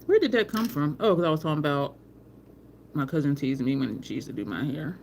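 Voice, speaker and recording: A woman hosting a casual livestream at home, telling rambling stories, answering viewer comments and talking to the chat as "y'all". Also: sits low. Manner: rambling storyteller, addresses chat as y'all, frequent laughs. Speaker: livestream host. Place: home, by an open balcony window. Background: faint street traffic.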